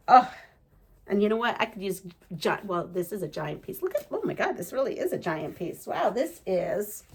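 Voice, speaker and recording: A woman's voice: on the low side, vocal fry, husky. Gushing, giggly woman vlogger. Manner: gushing and excitable, gasps and giggles; rambling, many fillers. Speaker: quilting vlogger. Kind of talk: casual unboxing chat.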